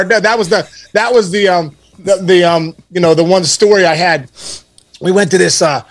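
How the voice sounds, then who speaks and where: A man's voice: high voice, normal speed. A man co-hosting a podcast, telling stories in loose, slangy casual chat full of "you know" and "bro". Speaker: podcast co-host.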